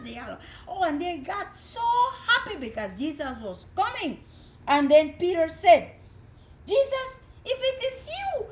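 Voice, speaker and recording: Woman, children's Bible teacher, high lively voice, dramatic gasps, echoey room. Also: a little hiss or hum. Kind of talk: storytelling lesson for children.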